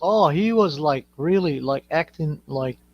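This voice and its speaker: A man's voice: on the high side, animated, a little slow, dry recording, dull audio. A man joking around in casual chat on an online panel, slipping into silly voices. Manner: joking, does voices and impressions.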